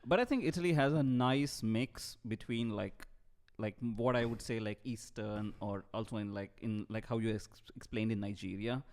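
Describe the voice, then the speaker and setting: A man from India, a guest comedian talking in a relaxed, reflective way. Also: fairly low pitch, normal speed, few pauses. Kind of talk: casual chat.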